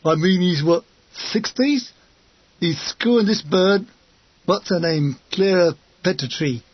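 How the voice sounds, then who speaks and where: A man voicing a grumbling army gunner in a storybook reading, loud and indignant. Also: sits high, slow, husky, no room sound, exaggerated voice. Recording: dull lo-fi dry recording.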